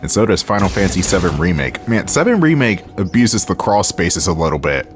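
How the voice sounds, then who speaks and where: Wry Philly-accented let's-play host, low-voiced, game music faint behind. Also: male voice, sing-song, fairly quick. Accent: Philadelphia. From Philadelphia area. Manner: chatty and wry, jokes to himself, swears now and then. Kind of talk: casual gameplay commentary.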